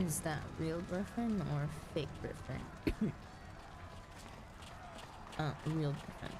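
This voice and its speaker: A woman's voice: sits low, slow pace, pauses often, background noise. A sleepy woman streaming a game, chatting in casual asides between reading lines. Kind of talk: casual gaming chat.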